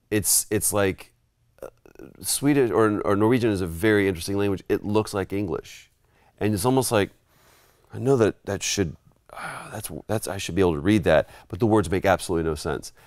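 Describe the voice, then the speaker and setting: A man telling a rambling, animated story in casual chat while playing a retro game in a studio. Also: fairly low pitch, brisk, dry recording. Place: studio, sitting at a game console.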